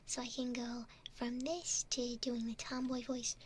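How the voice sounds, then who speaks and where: A woman whispers in a gentle role-play, chatty and prone to giggles. Her breathy voice sits high. A faint hiss runs under the sound. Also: little pitch movement, measured pace. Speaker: ASMR streamer.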